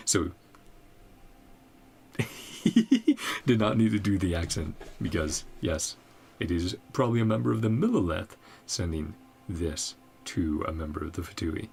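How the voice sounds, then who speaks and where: A man's voice: deep voice, sing-song, unhurried, creaky, long pauses, darkish tone. A man hosting a gaming video, chatting casually and thinking aloud with frequent chuckles. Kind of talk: casual game commentary.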